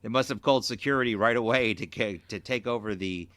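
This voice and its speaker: A male podcast co-host in casual chat, relaxed and quick to laugh. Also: lowish voice, no echo.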